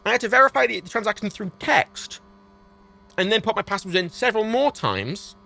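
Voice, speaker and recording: A man's voice: sits high, a little fast, vocal fry, soft background music. A British man on a livestream, ranting in an exasperated way and swearing heavily as he talks. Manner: exasperated, heavy swearing, animated.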